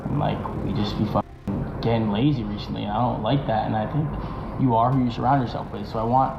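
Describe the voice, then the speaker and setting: Fast-talking slangy young man. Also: lowish voice, steady tone, vocal fry, noisy background. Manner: rapid, slangy and emphatic. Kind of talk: casual interview chat. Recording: dull echoey clip with music.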